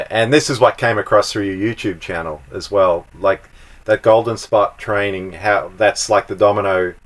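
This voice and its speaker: A man, a singing student, describing his experience with his coach in a hesitant way, with many fillers. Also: on the low side. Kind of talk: testimonial interview.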